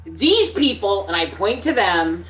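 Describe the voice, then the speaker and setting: A woman's voice: mid-range voice, big pitch swings, measured pace, crowd noise. A woman playing a tabletop role-playing game, delivering an impassioned in-character tirade. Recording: echoey room.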